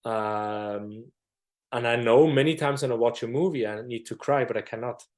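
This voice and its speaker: A man's voice: medium pitch, normal speed. Male host, thoughtful, hunts for words. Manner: thoughtful, searches for words, laughs softly. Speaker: podcast host. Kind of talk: casual conversation.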